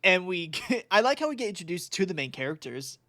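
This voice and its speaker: Casual podcast co-host, young guy, expressive swinging pitch, dry close sound. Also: a little fast, dry recording. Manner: animated, laughing, swearing freely. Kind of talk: casual chat.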